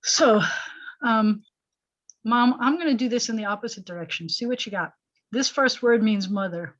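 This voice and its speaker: A woman's voice: a little high, moderate pace. A woman rabbi teaching a Hebrew lesson online, explaining patiently and asking her students questions. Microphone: video call. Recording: slightly dull video-call audio.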